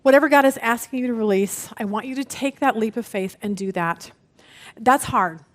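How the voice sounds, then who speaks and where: A middle-aged woman with a high voice leads a Bible study lesson. She tells stories from her family life with lively expression and slips into the voices of the people in them. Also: normal speed.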